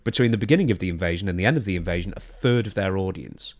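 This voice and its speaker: A man chatting casually on a podcast into a studio microphone, animated and excitable, with sudden loud outbursts. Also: sits low, racing. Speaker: podcast co-host.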